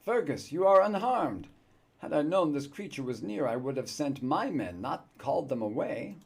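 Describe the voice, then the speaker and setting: A man's voice: a little high, very animated, normal speed, creaky, husky, full character voice. An older man reading aloud the lines of a stern male military commander in a formal, commanding tone.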